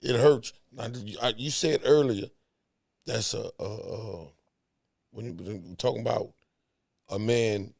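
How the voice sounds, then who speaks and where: A man's voice: fairly low pitch, a little slow, gravelly, pauses often, darkish tone. A man in a casual heart-to-heart talk, emphatic and preachy, repeating words to drive points home.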